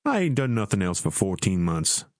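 A man voicing a laid-back young soldier in an audiobook, speaking in a deliberate drawl. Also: low voice, sing-song, darkish tone, no room sound, studio quality. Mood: wry. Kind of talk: audiobook character voice.

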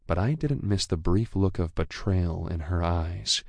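A man reading first-person narration for an audiobook at a measured, even pace. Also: low voice, creaky, no echo.

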